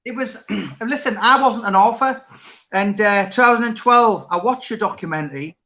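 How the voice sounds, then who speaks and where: A man's voice: high-pitched, moderate pace, sharp tone, lo-fi sound. A man chatting casually as interviewer, rambling with many restarts. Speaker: interviewer and author. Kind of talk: casual chat.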